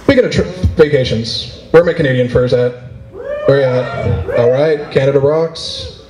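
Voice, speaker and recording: A man performing a stand-up comedy routine for a live convention audience, with a playful, animated delivery. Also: medium pitch, moderate pace, a crowd in the background. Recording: roomy echo of a convention hall.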